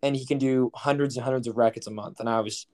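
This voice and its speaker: A man's voice: medium pitch, fairly even intonation, fast, a little mellow. A young man co-hosting a podcast, telling stories in a rambling, profane, incredulous way. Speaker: podcast co-host. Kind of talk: casual chat.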